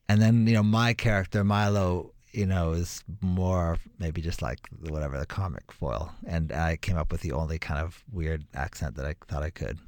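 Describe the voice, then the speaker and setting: Low-voiced man chatting animatedly. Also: no room sound. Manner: animated, laughing, emphatic exclamations. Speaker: musician guest. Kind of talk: casual interview chat.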